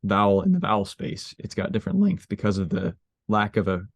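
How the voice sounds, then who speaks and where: A man hosting a casual interview, talking in a relaxed, chatty way and thinking out loud as he goes. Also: fairly low pitch, fairly quick, husky, no room sound. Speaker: interviewer, host.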